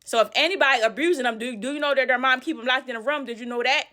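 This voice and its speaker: A woman telling a personal story in a vlog, animated and emphatic, repeating lines for effect. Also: high-pitched, very fast. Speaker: storytime vlogger.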